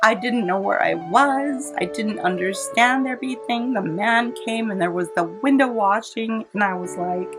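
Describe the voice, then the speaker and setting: A woman's voice: medium pitch, a little slow. A woman from California, a vlogger telling a personal story in a chatty way and laughing often. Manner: chatty, warm-hearted, laughs often, dramatizes quotes. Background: soft instrumental music.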